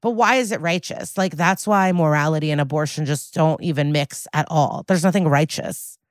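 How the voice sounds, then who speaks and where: A woman co-hosting a podcast, retelling TV scenes in casual chat, blunt and quick to swear. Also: low-pitched, dry recording, clean studio sound. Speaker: podcast co-host recapping episodes.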